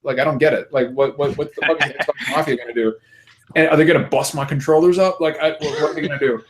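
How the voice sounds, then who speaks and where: Animated, swearing podcast host man. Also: fairly high pitch, fast talker, noisy background. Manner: animated storytelling, heavy swearing, repeats words. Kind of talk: casual chat.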